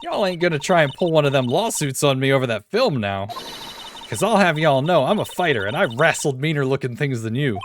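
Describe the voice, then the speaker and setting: A man voicing a brash, loud Southern woman photographer with an exaggerated drawl, over game music. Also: on the high side, big pitch swings, fairly quick, a little hiss or hum. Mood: indignant. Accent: American Southern.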